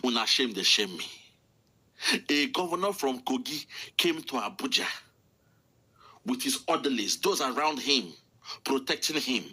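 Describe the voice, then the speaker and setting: A man's voice: medium pitch, lively intonation, a little slow, long pauses, bright, forceful tone, husky. A man with a Nigerian accent delivering an angry political rant, furious and insulting, repeating himself. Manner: furious, insulting, repetitive ranting. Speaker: political commentator.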